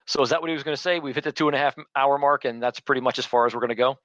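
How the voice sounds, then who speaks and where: A man's voice: mid-range voice, rapid-fire, fairly bright tone, no room sound, highs cut off. A man from Philadelphia, a guest on a podcast, talking in a blunt, rambling way with many restarts. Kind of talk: casual podcast chat.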